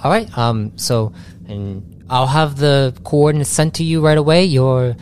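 A man voicing a hesitant female fleet admiral who gives orders in a halting way, full of restarts. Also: very deep voice, darkish tone, a little hiss or hum, pitched above the performer's own voice. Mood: instructing.

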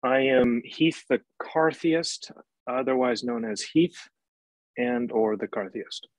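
Rambling American host, dry sound. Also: male voice, mid-range voice, slow pace, no room sound, poor audio. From Spokane, Washington, USA. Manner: rambling, repeats words. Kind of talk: casual discussion. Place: Scotland.

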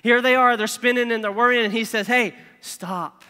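A man's voice: very high voice, little pitch movement, fast, bright, forceful tone, clear, resonant tone, in a large hall. A male pastor preaching a sermon in a conversational way, checking in with "okay?" and "right?" as he goes.

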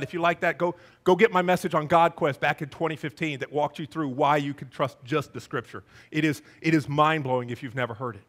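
A man's voice: fairly high pitch, a bit bright. A male pastor giving a sermon with emphatic, passionate preaching.

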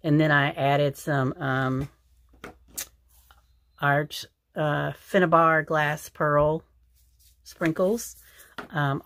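A woman talks through her craft projects in a loose, rambling way, full of "um"s and restarts. Her voice sits low, and the sound is dry and close with no room echo. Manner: chatty, rambling, many fillers and restarts. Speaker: crafting channel host. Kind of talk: casual craft show-and-tell.

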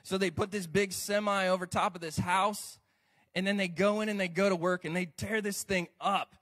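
High-voiced American pastor preaching. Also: male voice. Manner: lively, conversational preaching with asides to the congregation. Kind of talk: sermon.

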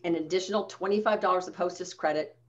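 A woman's voice: on the low side, fast talker, highs cut off. A woman sales trainer giving a chatty coaching talk over a video call, telling stories with quoted dialogue.

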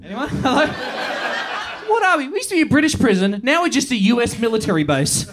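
An Australian man doing a stand-up comedy set, loud and profane, often yelling his punchlines. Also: very high-pitched, big pitch swings, fast, background noise. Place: theatre stage before a live audience. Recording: live stage recording with loud crowd laughter.

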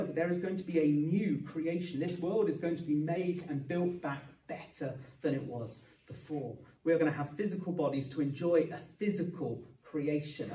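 A man preaching, earnest and explaining each point, with a dash of dry humour. His voice is mellow and sits somewhat high, caught from a distance. The sound rings around an echoey church hall. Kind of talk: sermon.

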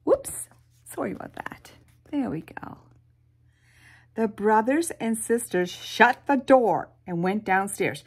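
A woman reading a picture book aloud to children, animated, with sound effects and soft whispered asides. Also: fairly high pitch, slow pace, husky. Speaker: storyteller.

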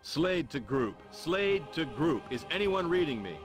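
An actor playing a blunt human soldier hero in a video game, talking in an offhand way. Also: male voice, fairly high pitch, sing-song, unhurried. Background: game music.

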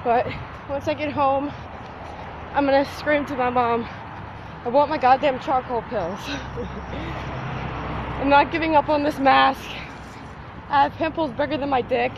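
High-voiced teen girl swearing on a loud street. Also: fairly even intonation, a little slow, long pauses, dull audio. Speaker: vlogger. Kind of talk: casual rambling vlog. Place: outdoors on a city street. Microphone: handheld phone or tablet. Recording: loud street traffic noise. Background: street traffic.

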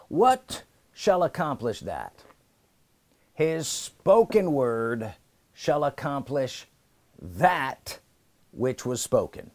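A man preaching a sermon, emphatic and deliberate, repeating key phrases and asking listeners to say them back. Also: on the high side, very animated, darkish tone. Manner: emphatic, slow and deliberate with pauses between words.

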